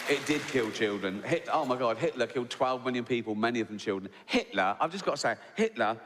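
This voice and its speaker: A man performing a stand-up routine, telling stories in an animated way and mimicking other people's voices. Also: mid-range voice, fast talker, a faint crowd. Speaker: stand-up comedian. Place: large venue with audience. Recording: echoey live hall with audience.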